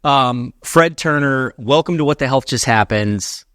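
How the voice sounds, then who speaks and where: A man's voice: mid-range voice, measured pace, no echo. Upbeat man hosting a podcast. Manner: energetic announcer-like delivery, gesturing while talking. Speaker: podcast host. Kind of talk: podcast interview.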